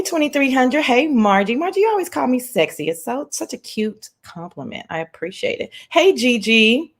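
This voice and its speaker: A woman hosting a casual livestream chat from her laptop, sassy and playful, greeting viewers by name in a lively sing-song. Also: fairly high pitch. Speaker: livestream host. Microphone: laptop mic.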